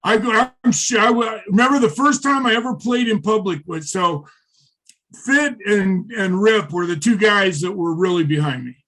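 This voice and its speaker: A middle-aged former wrestler, a guest in an interview, telling stories in a rambling, profane way with many fillers. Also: male voice, high voice, normal speed, fairly bright tone. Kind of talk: casual interview storytelling.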